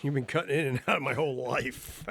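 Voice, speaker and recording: A man's voice: mid-range voice, brisk, vocal fry, a bit bright, husky. A middle-aged man co-hosting a podcast, telling crude stories with lots of swearing and laughter. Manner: rowdy, swearing, laughing storyteller. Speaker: podcast co-host. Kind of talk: crude joking banter.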